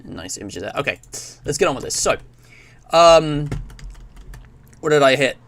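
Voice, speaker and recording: A man's voice: fairly high pitch, expressive, moderate pace, fairly bright tone. A man giving casual, rambling let's-play commentary, reading on-screen text aloud as he plays. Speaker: gaming YouTuber.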